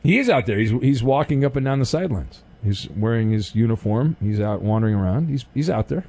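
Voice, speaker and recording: Deadpan male radio host, lively pitch. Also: fairly quick. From Orange County, California. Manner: deadpan, sarcastic. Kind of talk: call-in sports talk radio.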